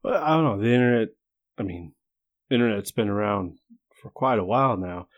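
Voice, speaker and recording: A man's voice: lowish voice, expressive, brisk, dull audio. A man chatting casually on a podcast, adding wry, joking asides. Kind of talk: casual chat.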